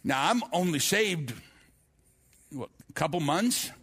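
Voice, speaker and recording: A man's voice: fairly high pitch, expressive, takes it slowly, fairly bright tone, slightly rough. A man preaching a sermon, telling his testimony earnestly with frequent restarts and repeated words.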